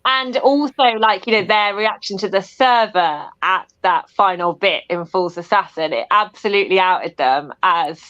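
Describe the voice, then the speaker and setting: A woman at a middle pitch, heard through dull, lo-fi call audio. She is forthright, piling up her objections to the characters in quick succession. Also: fairly bright tone. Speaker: book club member. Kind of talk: casual book discussion.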